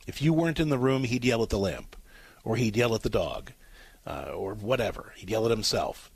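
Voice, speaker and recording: A middle-aged man hosting a call-in advice show, coaching a caller in a calm, repetitive way. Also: lowish voice, fairly quick, gravelly, husky, no echo. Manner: calm, coaching, repeats key points. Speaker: radio advice host.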